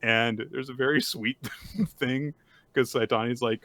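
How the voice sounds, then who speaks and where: A man's voice: medium pitch, steady tone, measured pace, fairly bright tone. A man hosting a casual chat show, recapping a story in a laid-back way with lots of fillers and frequent laughs. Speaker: podcast host.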